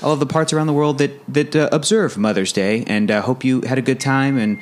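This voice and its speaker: A man's voice: mid-range voice, fairly quick. A young man co-hosting a movie podcast in a casual chat, rambling and stumbling over his words in a playful way. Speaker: podcast co-host.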